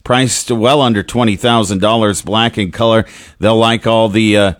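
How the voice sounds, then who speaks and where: A man co-hosting a radio show, bantering casually with dry, deadpan humor. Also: lowish voice, normal speed, dry recording. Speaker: radio co-host.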